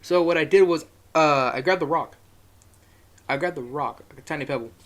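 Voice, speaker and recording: Young man, slightly high voice, casual storytime, rambling, swears a lot. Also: normal speed. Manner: rambling, profane, laughs while telling.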